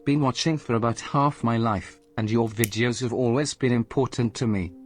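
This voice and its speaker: A synthetic male text-to-speech voice reading out donation messages with an even, mechanical delivery. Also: medium pitch, normal speed, slightly rough.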